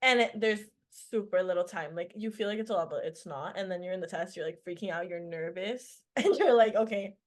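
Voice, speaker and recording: A woman's voice: fairly low pitch, fairly quick, few pauses. Chatty teenage girl telling a story. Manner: chatty, animated storytelling with many fillers. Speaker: guest, former student. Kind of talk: casual interview chat.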